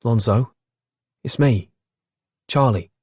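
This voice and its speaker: Man voicing a young telegram boy, eager, raised pitch, husky edge, audiobook. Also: takes it slowly, a little mellow, dry recording, clean studio sound. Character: young working-class London telegram boy. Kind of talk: audiobook character voice.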